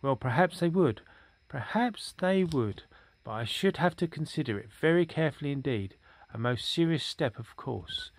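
A man voicing a pompous, condescending older male Chief Rabbit in a storybook reading, speaking in a smooth, patronizing, drawn-out way. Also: fairly high pitch, lively intonation, pitched above the performer's own voice.

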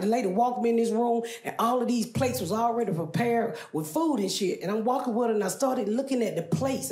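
A woman from Atlanta, doing a stand-up set with loud, profane storytelling and shouted punchlines. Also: a little high. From Atlanta, USA. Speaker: stand-up comedian. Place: large comedy venue with audience. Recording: echoey venue with audience noise. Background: audience laughter.

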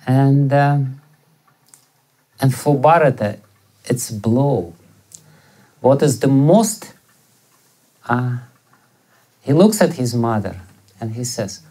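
Slow, hesitant spiritual teacher. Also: male voice, mid-range voice, lively intonation, warm tone. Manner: hesitant, with many fillers. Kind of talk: scripture lecture with storytelling.

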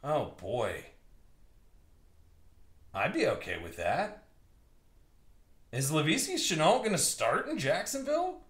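A young man hosting a live trading card break, excitedly calling out cards and buyers in slangy chat. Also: a little high, takes it slowly, long pauses. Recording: roomy echo.

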